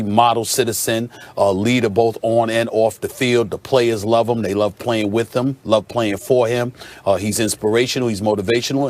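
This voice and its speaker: A man hosting a sports debate show, arguing his points emphatically and listing them one after another with frequent uhs. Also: fairly low pitch.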